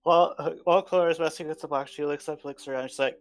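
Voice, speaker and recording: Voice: medium pitch, steady tone, fast talker, soft background music. A tabletop game player describing a character's actions in a rush, with fillers and repeats.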